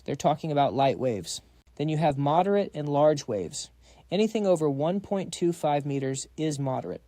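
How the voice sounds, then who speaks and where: A man's voice: a little high, mellow, dry recording. A man narrating a comic recap in a casual, slangy storytelling voice, reading every part himself.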